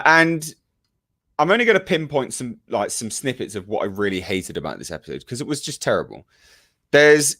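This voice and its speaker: A man's voice: fairly high pitch, a bit bright. Guy ranting thru a review to his live chat, voice jumps all over the place, lots of ums and restarts. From United Kingdom. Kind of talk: casual spoken review.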